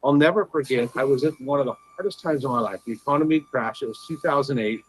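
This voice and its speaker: A man's voice: mid-range voice, fast, a little hiss or hum, rough recording. A man guest in an interview, animatedly telling a personal story and acting out past conversations. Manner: animated, retells conversations in dialogue.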